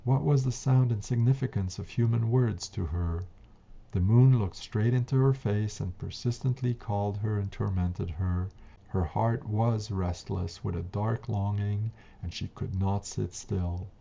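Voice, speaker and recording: A man reading a translated old tale aloud, slow and measured. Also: fairly low pitch, gravelly, mellow. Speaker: narrator. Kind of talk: storybook reading. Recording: dull lo-fi recording.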